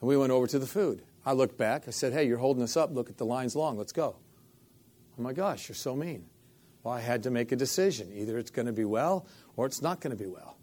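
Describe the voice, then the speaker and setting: A man's voice: medium pitch, fast talker. A middle-aged man, a minister, telling a story in an interview and acting out the dialogue. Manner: animated storyteller, acts out quoted dialogue, repeats "I said".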